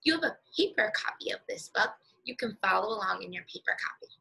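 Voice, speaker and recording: A woman teacher leading a guided reading lesson for young children, speaking slowly and encouragingly and stretching out words. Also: mid-range voice, expressive, gravelly, sharp tone, breathy edge, low-quality recording.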